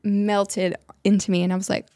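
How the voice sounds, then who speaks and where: A young woman guest on a podcast telling a story in a casual, animated way, acting out what people said. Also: mid-range voice, moderate pace, no echo, studio quality. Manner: animated, acts out quotes, many likes and restarts.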